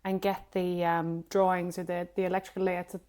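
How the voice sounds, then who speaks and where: A woman's voice: fairly low pitch, flat delivery, moderate pace, darkish tone, clear, resonant tone. A woman co-hosting a podcast, giving practical advice in casual chat. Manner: practical, explains in detail. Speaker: podcast co-host.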